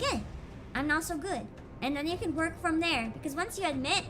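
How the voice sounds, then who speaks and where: A woman streaming a video game, chatting casually and getting emotional, with loud outbursts and laughter. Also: high voice. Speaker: VTuber streamer. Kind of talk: casual game livestream chat.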